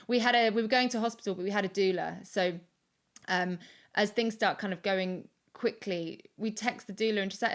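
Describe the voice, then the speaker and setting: A woman in her thirties, a podcast guest recorded remotely from home, telling a story in a chatty, animated way full of restarts and acted-out quotes. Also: medium pitch, fast. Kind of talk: casual storytelling.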